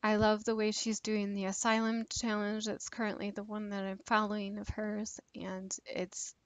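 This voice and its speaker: A woman's voice: mid-range voice, completely flat delivery, moderate pace, no room sound. A woman chatting casually in a vlog, rambling and a bit nervous, with lots of fillers and restarts. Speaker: YouTube creator doing a tag video. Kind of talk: casual chat.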